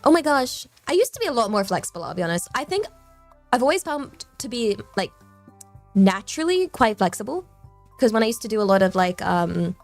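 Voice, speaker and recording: A young southern English woman with a slightly high voice chats on her live stream, bubbly and rambling and piling up repeated words. Faint music plays quietly behind her. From southern England. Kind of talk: casual live-stream chat.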